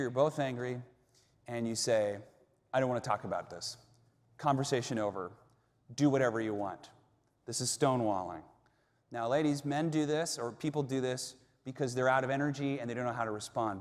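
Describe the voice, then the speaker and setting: A middle-aged man preaching a sermon as pastor, talking earnestly and conversationally, turning to address the congregation directly. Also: medium pitch. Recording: reverberant hall sound.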